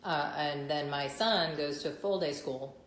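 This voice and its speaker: Woman with a low voice, chatty, echoey room, faint hiss. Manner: chatty, quick asides. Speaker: podcast co-host. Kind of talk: casual chat.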